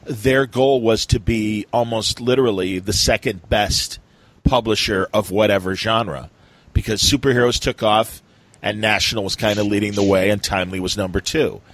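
A man's voice: on the low side, steady tone, moderate pace, fairly bright tone, dry recording, poor audio. A man hosting a podcast, chatting casually in a rambling, enthusiastic way with lots of fillers. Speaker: podcast host. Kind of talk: casual chat.

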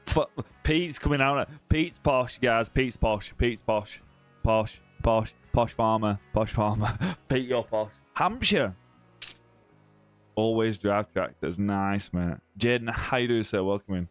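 A southern English man in a home setup chats his way through a live gaming stream, reading comments aloud and joking with viewers. His voice sits low and easygoing, full of "mate" and "bro". Soft background music plays beneath him. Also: steady tone, unhurried, clear, resonant tone. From southern England. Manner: chatty and teasing, many "mate" and "bro" tags, restarts. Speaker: live-stream gamer host. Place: home room.

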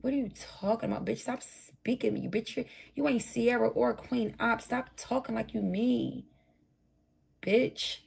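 Woman, late-night livestream rant, profane, tired, husky, slightly high voice. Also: unhurried, darkish tone. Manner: profane, combative, talks straight at her chat. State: tired, burnt out.

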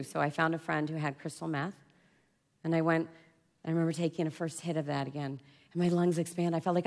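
A woman giving a confessional personal-story talk at a conference, swinging from loud outbursts to hushed near-whispers. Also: deep voice, flat delivery, fairly quick, gravelly. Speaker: conference speaker. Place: conference stage before an audience.

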